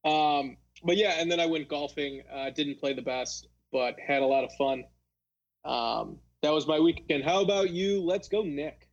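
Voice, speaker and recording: A young man co-hosting a podcast, telling animated stories in casual chat and fumbling for details. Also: on the high side, normal speed, dull audio. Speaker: podcast co-host.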